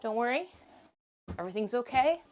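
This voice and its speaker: A woman's voice: fairly high pitch, expressive, brisk, music in the background. A woman live streaming, chatting casually, greeting viewers by name and grumbling about her cats.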